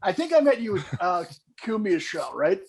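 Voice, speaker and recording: A man's voice: sits high, big pitch swings, moderate pace, creaky, over a noisy crowd, rough recording. A man guest on a comedy podcast who talks in an eager, earnest and flirty way. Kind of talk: casual chat.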